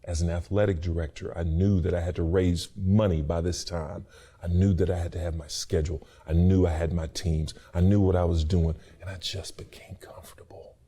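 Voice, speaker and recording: Husky and dark, his low-pitched voice moves briskly with a flat delivery. The middle-aged man, a university employee being interviewed, shares a heartfelt personal testimony in a preacherly way, repeating himself as his feelings swell.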